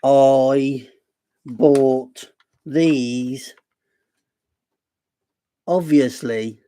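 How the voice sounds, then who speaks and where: A man from the Black Country in the West Midlands, with a medium-pitched, dark voice and that region's accent, hosts a casual live stream. He chats in a rambling, self-deprecating way.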